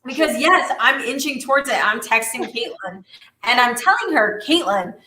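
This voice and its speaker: A woman co-hosting a podcast, chatting casually in an animated, emphatic way. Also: sits high, normal speed, a little hiss or hum. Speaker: podcast co-host. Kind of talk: casual chat. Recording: roomy echo.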